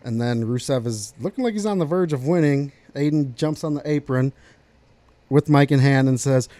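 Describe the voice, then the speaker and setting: A man's voice: mid-range voice, normal speed, dry recording. A man co-hosting a podcast, recapping a wrestling storyline in casual chat and acting out the quotes. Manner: animated storyteller, acts out quotes. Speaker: podcast co-host.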